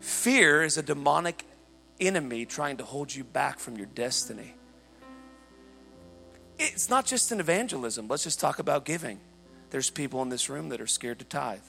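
A man preaching a sermon, telling a story in an animated way and shouting at the high points. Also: normal speed, gravelly. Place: church hall. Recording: large hall reverb with faint music.

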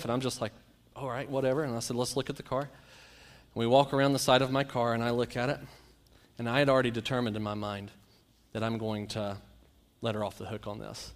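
A man preaching a sermon, telling Bible stories and a personal anecdote and acting out the quotes with lively shifts. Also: mid-range voice, brisk. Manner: storytelling, animated, acts out quotes.

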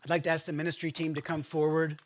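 Male pastor, slightly high voice, chatty storytelling sermon, stumbles and restarts often. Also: level tone, quick pace, a little hiss or hum. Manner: storytelling, conversational with many restarts. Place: church sanctuary.

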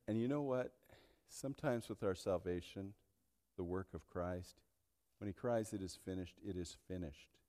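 A male pastor preaching an impassioned sermon, swinging between hushed and loud delivery. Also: sits low, normal speed. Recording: long hall reverb.

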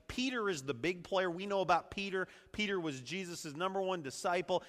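Energetic preaching man in an echoey hall. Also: on the high side. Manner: energetic preaching, call-and-response with congregation. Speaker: pastor. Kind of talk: sermon. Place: church sanctuary.

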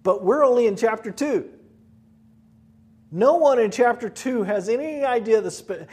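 A man preaching a sermon as pastor, animated and storytelling, acting out voices. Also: sits high, husky.

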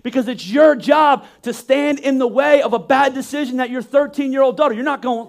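A man's voice: very high voice, brisk, creaky, hardly any pauses. A man in his thirties preaching a sermon, emphatic and rhetorical, often acting out the voices of the people he quotes. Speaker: pastor.

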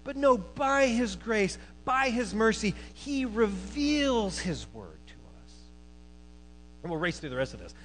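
A man preaching a sermon to a church, animated, moving between loud emphasis and quiet asides, who also teaches college students. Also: sits high, measured pace, a little hiss or hum, rough recording.

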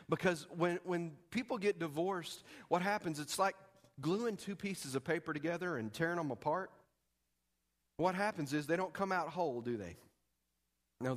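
A male pastor preaches in a folksy way, often turning to the congregation with a question. His voice sits a bit high for a man. A long reverb from the sanctuary follows him. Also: fairly bright tone. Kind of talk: sermon. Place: church sanctuary.

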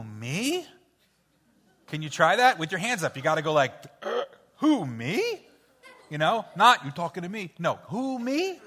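A man leading an interactive children's Bible story in church, playful and coaxing as he cues the kids to shout sound effects. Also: fairly high pitch. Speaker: children's pastor. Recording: hall reverb with faint music.

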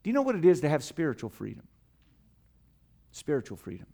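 This U.S. pastor's gravelly voice swings hugely in pitch through his sermon in the church sanctuary. He goes quiet and low, climbs to forceful, loud high points, and lingers slowly over scripture passages.

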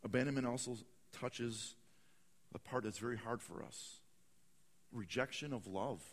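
A man preaching a sermon, swinging from hushed, slow lines to loud, dramatic bursts. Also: medium pitch, big-room sound. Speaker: pastor.

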